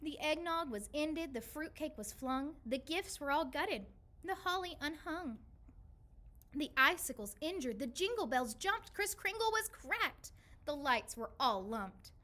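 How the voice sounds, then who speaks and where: A woman reading a rhyming children's picture book aloud, with an expressive, rhythmic delivery. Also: sits high, unhurried.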